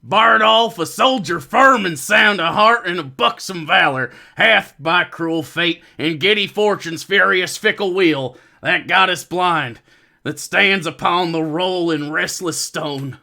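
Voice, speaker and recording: A man's voice: sits high, measured pace, vocal fry, sharp tone, heavily acted. A man reading a swaggering, bombastic soldier in a casual live-streamed Shakespeare reading, declaiming grandly and drawing out his lines. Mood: pleading bombast.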